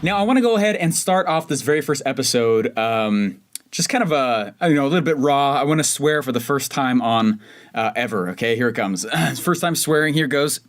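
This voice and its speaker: A man's voice: medium pitch, lively intonation, fairly quick, soft background music. Chatty young man hosting a podcast. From Denver, Colorado. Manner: chatty, self-mocking, with many fillers and restarts. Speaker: podcast host. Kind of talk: casual solo podcast storytelling.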